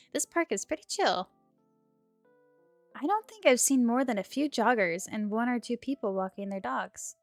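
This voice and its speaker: Playing a dating game casually, a woman streamer reads its text aloud in a fairly high voice, her throat sore. She giggles and chats between the lines she reads. There's no echo, just faint game music in the background.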